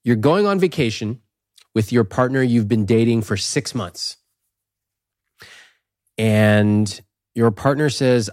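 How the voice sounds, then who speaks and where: A man hosting a casual interview, animated and quick to laugh as he prompts his guest. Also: medium pitch, no room sound, clean studio sound. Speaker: interview host.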